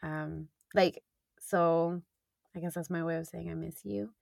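A woman's voice: fairly low pitch, fairly even intonation, a little slow, creaky, darkish tone, no echo, clean studio sound. A young woman in casual chat, talking candidly and rambling with many fillers and the odd swear word.

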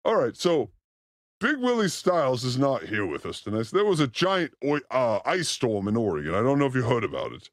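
A man's voice: mid-range voice, huge pitch swings, fairly quick, no room sound, clean studio sound. A man hosting a casual comedy livestream, crude and joking, often slipping into put-on accents. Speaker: livestream host. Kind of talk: loose comedic livestream chat.

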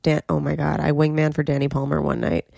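Low, gravelly young woman chatting. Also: completely flat delivery, fast talker, mellow, no room sound, studio quality. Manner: chatty, mimics people in quoted voices. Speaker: podcast co-host. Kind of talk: casual chat recapping a reality show.

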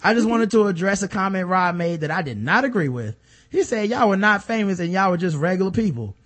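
A man co-hosting a podcast, chatting casually and reading listener emails aloud with low muttered asides. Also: lively intonation, brisk, fairly bright tone. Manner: laid-back, drops into a low mutter for asides, reads letters aloud. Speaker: podcast co-host.

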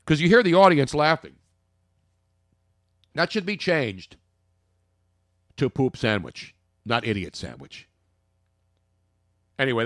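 A man's voice: mid-range voice, a bit bright, no echo, clean studio sound. A man hosting a casual sports podcast, rambling and joking with opinions. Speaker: podcast host.

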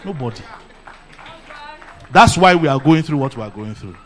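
A middle-aged man from Nigeria with a Nigerian accent, preaching a lively sermon and laughing often. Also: mid-range voice, moderate pace, a little hiss or hum. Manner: animated, laughs often, calls "Praise the Lord". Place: church camp meeting.

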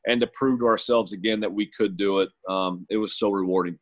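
A man's voice: lowish voice, steady tone, brisk, lo-fi sound. A man who works as a golf caddie, telling his story in an interview in an earnest, heartfelt, reflective way.

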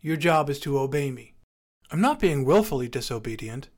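A man's voice: mid-range voice, very animated, normal speed, a little mellow. A man telling a first-person story with acted dialogue in a dry, wry, articulate way, and hosting his podcast.

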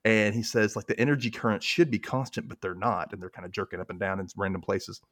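A man's voice: on the low side, fairly even intonation, quick pace, fairly bright tone. A man co-hosting a podcast, casually recapping a TV episode and acting out the characters' lines in put-on voices. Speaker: podcast co-host.

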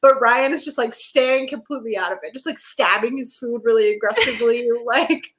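A young woman with a voice pitched a little above average. She talks in a loose, animated way, stringing thoughts together with "like" and breaking into laughs, as she recaps a TV episode with her co-host. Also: a little fast, background noise. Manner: chatty and animated, heavy use of "like", laughs often. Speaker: podcast co-host. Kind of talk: casual chat recapping a TV episode.

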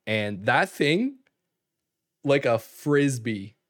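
A young man from Canada telling an animated story on a casual podcast, full of fillers and quick asides. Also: mid-range voice, no room sound, studio quality. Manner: animated storyteller, fast filler-heavy talk with laughs. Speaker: podcast co-host. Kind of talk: casual chat.

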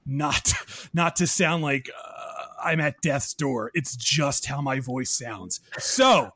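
A man with a deep, gravelly voice talks in casual podcast chat. He rants with self-deprecating laughs. The sound is dry and close, with no room echo. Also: expressive, takes it slowly, fairly bright tone. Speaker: podcast host.

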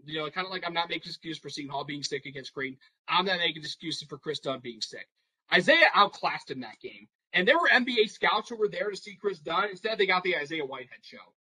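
A man's voice: fairly high pitch, low-quality recording. A young man telling a sports story in a casual, rambling way, with lots of fillers and acted-out quotes. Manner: animated, rambling with many fillers, acts out quotes. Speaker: podcast guest storyteller.

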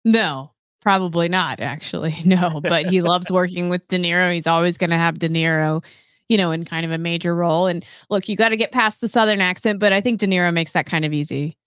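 A woman with a somewhat low voice co-hosts a relaxed podcast. She talks in a thoughtful, chatty way and slips in quick light laughs. The recording is dry and close, with no room echo. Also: smooth. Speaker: podcast co-host. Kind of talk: casual sports podcast chat.

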